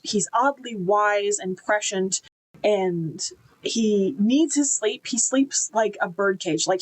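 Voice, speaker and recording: A woman's voice: mid-range voice, rough recording. Chatty woman reviewing a book. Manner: enthusiastic, chatty, with fillers and restarts.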